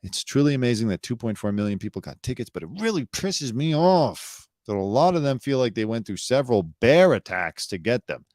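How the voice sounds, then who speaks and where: A man's voice: medium pitch, sing-song, brisk, hardly any pauses, darkish tone, dry recording, studio quality. A man hosting a live news commentary show, blunt, sarcastic and opinionated, talking loosely with fillers and asides.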